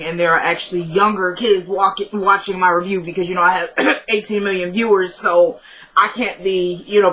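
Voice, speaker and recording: A woman giving a casual, opinionated recap of a TV episode. She talks in a chatty way, with quick asides and jokes. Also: mid-range voice, sharp tone, poor audio. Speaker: TV episode reviewer.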